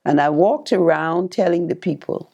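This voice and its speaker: An older woman, a former politician, telling her life story with animated, repeating speech that leaps up high when she relives excitement. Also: normal speed, gravelly, highs cut off. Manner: repeats and restarts phrases, addresses listeners directly.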